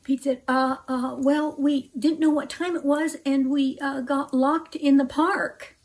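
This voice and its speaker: A woman telling a children's Bible story aloud, asking her listeners questions and acting out the characters' shouts. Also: high voice, fairly even intonation, a little slow, poor audio.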